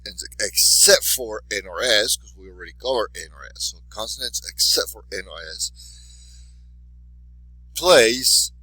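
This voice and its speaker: A man teaching a Spanish class to students, giving encouraging instructions and saying each example word twice, slowly and with clear stress. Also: fairly low pitch, sharp tone, no echo, poor audio. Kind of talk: recorded class lesson for students.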